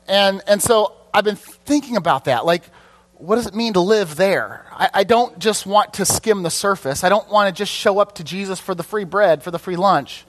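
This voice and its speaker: A middle-aged man preaching a conversational sermon, chatty and casual, often asking the congregation questions. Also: on the high side. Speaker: pastor.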